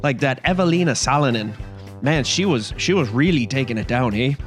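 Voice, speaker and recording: A man's voice: medium pitch, expressive, brisk, soft background music, natural voice. A man putting on a folksy Wisconsin reporter. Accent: Upper Midwest Wisconsin. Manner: rambling, folksy, full of "eh" and "you betcha". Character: folksy Wisconsin field reporter, rambling, cheerful. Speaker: field reporter.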